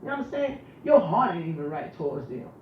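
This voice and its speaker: A man's voice: fairly high pitch, sing-song, fairly quick, a little hiss or hum. A man giving an emphatic, colloquial preaching talk on a ministry show, repeating his phrases as he presses his point. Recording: very echoey, distant, muffled room sound.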